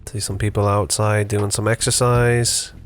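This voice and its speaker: A man's voice: on the low side, flat delivery, moderate pace, faint music behind. A man in his thirties casually narrating an unscripted vlog while walking his dog outdoors, chatty and rambling with fillers. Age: 30s. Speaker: vlogger. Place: outdoors on a morning walk.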